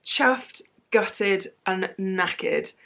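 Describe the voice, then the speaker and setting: A woman's voice: medium pitch, very slow. Chatty young British woman vlogging. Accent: British English. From Britain. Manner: chatty and animated, laughs easily. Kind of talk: casual chatty tag video.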